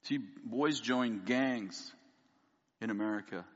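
A man preaching a sermon, telling a candid, self-mocking personal story and quoting people in lively voices. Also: on the low side, slow pace. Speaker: pastor. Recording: dull lo-fi audio with long hall reverb.

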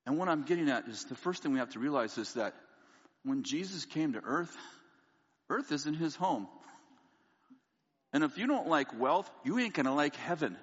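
Lively storytelling preacher in a hall. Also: male voice, on the high side, moderate pace, long pauses, breathy edge. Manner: animated storyteller, acts out dialogue, laughs often. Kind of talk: sermon with a humorous personal story. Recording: long hall reverb, dull lo-fi sound.

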